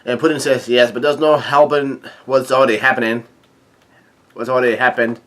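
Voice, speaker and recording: With a steady tone and a mid-pitched, plain voice that's a bit bright, a man reads out a manga chapter's dialogue. His delivery is halting, full of fillers like "uh" and "um" and restarts, and he sprinkles in his own light, casual comments.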